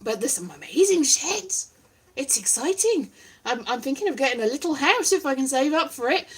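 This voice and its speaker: A woman's voice: high voice, lively intonation, normal speed. A woman in a wry, self-deprecating, meandering casual monologue, vlogging with a guitar strummed in the background.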